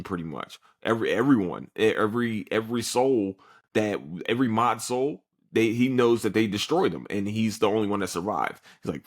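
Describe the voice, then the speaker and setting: Profane, animated man recapping anime. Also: lowish voice. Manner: animated storyteller who acts out characters in quick put-on voices; swears freely, loose and joking. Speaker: podcast host recapping an anime episode.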